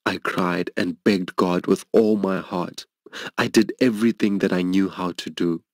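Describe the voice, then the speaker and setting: A man's voice: fairly even intonation, a little slow, darkish tone, dry recording. Earnest man preaching a personal story. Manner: earnest, emotional storytelling, voicing others' lines higher. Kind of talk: sermon testimony storytelling.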